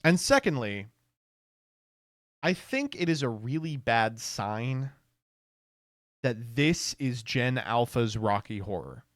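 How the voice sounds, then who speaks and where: A man's voice: mid-range voice, big pitch swings, slow, long pauses, no room sound, clean studio sound. A man streaming and reacting to posts in casual commentary, sardonic and swearing freely.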